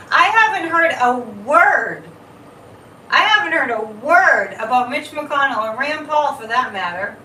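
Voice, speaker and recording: A woman hosting a casual live stream as a psychic, talking in an animated way, repeating words and reading viewer comments. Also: sits high, slight background noise. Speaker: psychic livestream host. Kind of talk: casual livestream chat. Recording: echoey room, mic at a distance.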